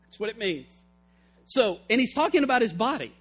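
A man's voice: very high-pitched, sing-song, brisk. A man preaching a sermon with fervor, reading scripture and acting out its scenes. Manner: fervent, acts out scripture scenes.

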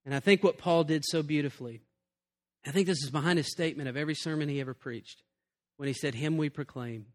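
Earnest man preaching, higher-pitched voice. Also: quick pace. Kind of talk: sermon on preaching.

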